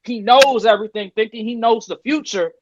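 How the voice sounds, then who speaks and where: Podcast host, male, high voice, emphatic repetitive sports rant, dull dry lo-fi recording. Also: fairly quick, dry recording. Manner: emphatic, repeats his points.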